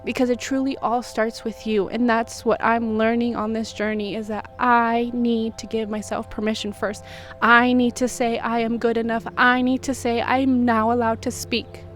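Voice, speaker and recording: A woman's voice: a little high, little pitch movement, moderate pace. Heartfelt woman vlogger, faint music behind. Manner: heartfelt, rambling, self-reflective. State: tearful at times. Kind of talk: emotional personal vlog.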